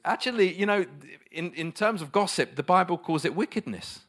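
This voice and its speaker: A man's voice: high-pitched, expressive, a little fast, fairly bright tone. Emphatic male preacher. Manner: emphatic, asks the congregation rhetorical questions. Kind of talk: sermon.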